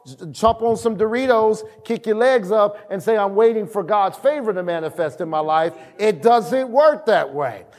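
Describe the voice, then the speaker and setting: A man preaching a sermon, calling on the congregation to answer him and building to shouts. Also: high-pitched, long reverb tail. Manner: preaching with call-and-response and rising shouts. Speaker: pastor.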